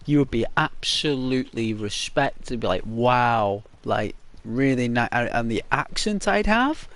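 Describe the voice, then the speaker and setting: Soft-spoken English man chatting. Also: mid-range voice, animated, a little slow. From England. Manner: soft-toned, rambling and chatty. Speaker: gaming channel host. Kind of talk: casual gameplay commentary, semi-ASMR.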